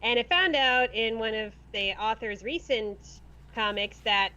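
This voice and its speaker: A woman artist in casual chat, talking in halting restarts and acting out quoted voices. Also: on the high side, bright, forceful tone. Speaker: artist and fan voice dubber. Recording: dull lo-fi call audio.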